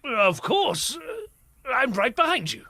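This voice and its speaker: A woman's voice: high voice, sing-song, takes it slowly, gravelly, pushed and bright, exaggerated voice. A woman voicing a pompous, greedy male tomcat news co-host, grand and dramatic in manner. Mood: hesitant. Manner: grandiose, dramatic, easily panicked.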